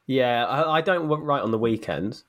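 A man's voice: mid-range voice, expressive, moderate pace. A man co-hosting a podcast. He chats casually and tells anecdotes, with plenty of fillers and restarts, while getting over a cold. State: recovering from a cold. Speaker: podcast co-host. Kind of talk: casual chat.

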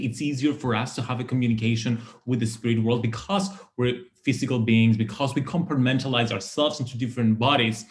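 An effusive man hosts a podcast and chats casually with his guest. His voice sits at an ordinary middle pitch, and he talks with eager enthusiasm. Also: fairly even intonation, fairly quick, hardly any pauses. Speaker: podcast host. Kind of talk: casual interview chat.

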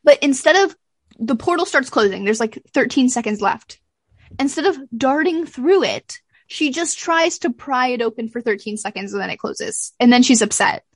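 A woman's voice: high voice, normal speed, no room sound, studio quality. A woman co-hosting a podcast, chatting casually and animatedly retelling scenes. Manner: animated recapping, acts out lines from scenes. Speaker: podcast co-host. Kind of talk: casual chat.

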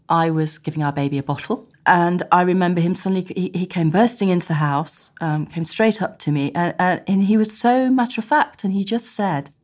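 A woman interviewed in a hotel room, recalling events calmly and reflectively with hesitant pauses. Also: lowish voice. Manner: calm, reflective, with hesitant fillers. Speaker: interviewee recounting her marriage. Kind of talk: personal interview recollection.

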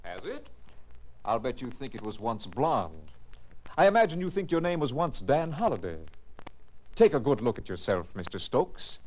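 An actor playing a suave, sinister asylum director who speaks with smooth menace, in 1940s radio acting. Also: male voice, medium pitch, sing-song, normal speed, a little mellow. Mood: silky menace.

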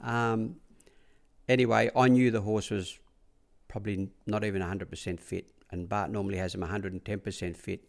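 A low-pitched Australian man tells long stories in an easy, conversational way. He rambles and often repeats "I said" and "he said" as he sets up each scene. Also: little pitch movement, normal speed, vocal fry. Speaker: racehorse track rider. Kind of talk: casual anecdotal storytelling.

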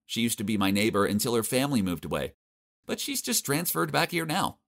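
A man's voice: mid-range voice, big pitch swings, fairly quick, creaky, fairly bright tone. A man voicing a bubbly, cheerful teenage girl who introduces her best friend in a storybook tale.

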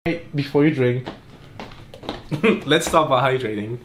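A man's voice: medium pitch, a little slow, loud music behind the voice. Man, podcast host, playful banter, echoey room. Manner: playful, laughs often, restarts sentences. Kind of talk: casual banter. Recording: echoey room, faint background hiss.

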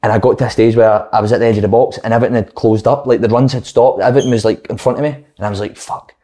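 A young Scottish man, a former footballer, telling sweary, animated stories in casual chat. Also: lowish voice, very fast. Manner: swears freely, animated anecdotes.

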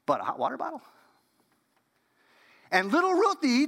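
A man preaching a storytelling sermon as pastor, animated and dropping to a hush at key moments. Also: extremely high pitch, normal speed, creaky, long pauses, in a large hall.

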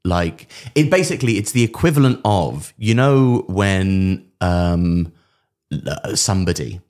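Brief: male comedy podcast co-host, very low voice, dry deadpan delivery. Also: unhurried. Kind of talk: casual comedic chat.

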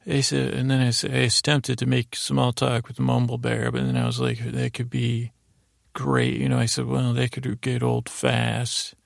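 A man improvising a rambling bedtime story as a sleep podcast host, halting with many restarts and fillers. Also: mid-range voice, monotone, vocal fry, no room sound, studio quality.

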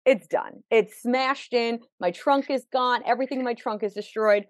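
With a fairly high, steady voice at normal speed, this podcast guest tells a colorful story from her own life, performing the characters she quotes. She tends to repeat words when emotional, and the recording has no room sound.

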